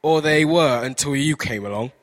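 A man's voice: on the high side, normal speed, a bit bright, big-room sound, natural voice. A man reading the lines of a grumpy, sleepy father in a children's story.

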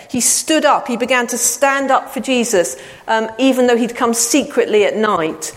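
A woman preaching a sermon, with a fairly high voice. She tells stories warmly and slows down to stress quoted lines. The sound carries a long reverb, as in a church hall. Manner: storytelling with slow emphatic quotes. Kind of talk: sermon storytelling.

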